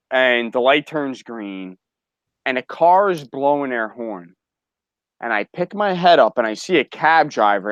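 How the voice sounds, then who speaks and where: A man hosting a podcast, telling a story in a casual, animated way and swearing a lot. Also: fairly low pitch, no echo, low-quality recording.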